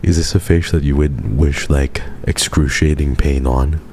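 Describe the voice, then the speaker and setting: Very deep-voiced young man, playful streamer. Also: steady tone, a little slow, a little mellow, a little hiss or hum. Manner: playful, teasing, dramatic. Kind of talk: casual live-stream chat with chat.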